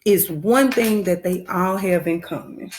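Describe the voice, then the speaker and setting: A woman's voice: on the low side, a little slow, darkish tone, a little hiss or hum. A woman first grade teacher with a Southern American accent, patiently walking young children through a phonics lesson and repeating her instructions.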